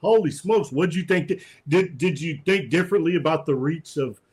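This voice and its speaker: A man's voice: a little high, normal speed, a little mellow. A man hosting a casual interview, reacting with short exclamations. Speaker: interview host.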